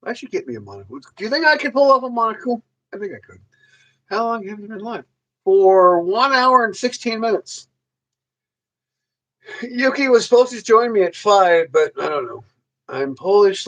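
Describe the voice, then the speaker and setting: A man with a high, lively voice hosts a casual livestream and chats straight to his viewers. He rambles from one thing to the next and keeps cracking crude jokes. His pitch swings up and down a great deal as he talks. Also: low-quality recording. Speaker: livestream host.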